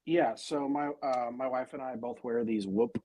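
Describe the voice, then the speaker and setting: A man's voice: mid-range voice, fairly even intonation, normal speed, dark tone. A middle-aged man as interview guest, talking casually and rambling with many fillers and restarts.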